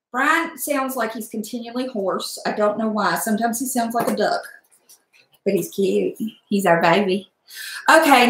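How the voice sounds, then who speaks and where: A middle-aged woman with a drawl, chatty and blunt, talking through a craft project as she works. Her voice sits a little high. The sound is echoey, as if she were in a bare room at home. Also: a bit bright. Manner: chatty, blunt, mild cursing, talks while working. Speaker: crafting vlogger. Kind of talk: casual crafting livestream chat.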